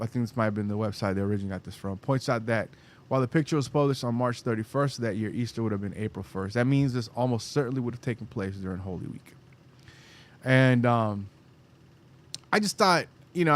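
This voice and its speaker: Rambling man co-hosting a podcast. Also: mid-range voice. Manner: rambling, restarts phrases, reads articles aloud. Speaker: podcast co-host. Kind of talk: casual faith podcast chat.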